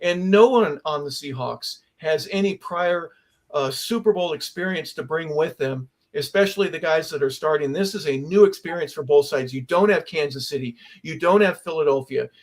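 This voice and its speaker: A man's voice: fairly high pitch, moderate pace. A man hosting a sports talk radio show, telling a long anecdote and acting out the voices of the people in it. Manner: animated storyteller, acts out quoted voices. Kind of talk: casual sports talk storytelling. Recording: online radio show remote mic.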